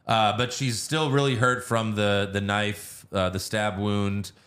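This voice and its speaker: Dude recapping a movie on a podcast, loose and sweary, fillers everywhere. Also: male voice, fairly low pitch, little pitch movement, unhurried, fairly bright tone. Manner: recaps plot with profanity and filler uhs. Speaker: podcast co-host. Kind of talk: casual movie review chat.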